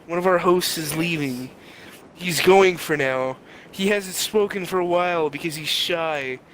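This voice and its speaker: A man's voice: on the high side, unhurried, a bit bright, slight background noise, poor audio. Crude young man improvising a comic story. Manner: rambling, crude, playful narration. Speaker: podcast co-host.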